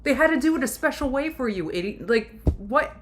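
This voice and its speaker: A woman's voice: high voice, lively intonation, a little fast, a little hiss or hum. A woman reacting to a video on a live stream, sarcastic and exasperated, talking back at the clip. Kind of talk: casual react commentary.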